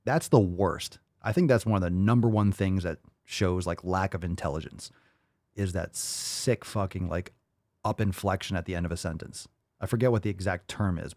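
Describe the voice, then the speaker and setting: Male podcast host, low voice, mocking reaction commentary, dry close sound. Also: lively intonation, moderate pace, a little mellow, no echo. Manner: blunt, mocking, profane.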